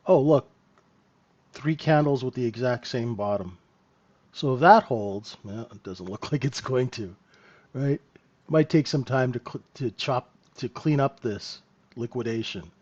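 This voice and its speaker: A man's voice: mid-range voice, darkish tone, lo-fi sound. A man hosting a live trading lesson, talking casually and checking in with "right?" after many points. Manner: conversational, keeps asking "right?". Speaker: trading room host and trainer.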